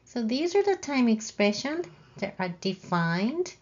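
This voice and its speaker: A woman teaching a language lesson, explaining grammar patiently and saying example sentences out loud. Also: fairly high pitch, sing-song, measured pace, highs cut off. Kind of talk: slow, careful lesson explanation.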